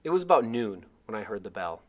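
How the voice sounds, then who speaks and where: A man reading a chapter of a novel aloud as narrator, with expressive storytelling. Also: lowish voice, quick pace.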